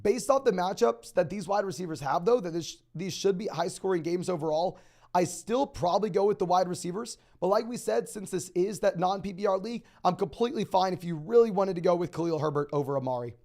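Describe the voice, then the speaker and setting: A young man hosting a live stream, answering viewer questions in a rapid, auctioneer-like delivery. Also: high-pitched, a little mellow. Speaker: fantasy football host.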